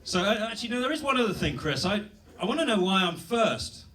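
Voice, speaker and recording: A man's voice: high-pitched, big pitch swings, brisk, pushed and bright, far from the mic, slight background noise. A British man doing a self-deprecating stand-up set on a comedy club stage, rambling with fillers and restarts. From Britain.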